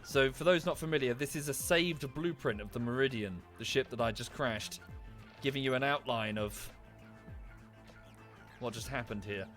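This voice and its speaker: A man's voice: medium pitch, normal speed, fairly bright tone, soft background music. Chatty man with an Estuary English accent. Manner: chatty, rambling, thanks viewers in passing. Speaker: streamer. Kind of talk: casual gameplay commentary.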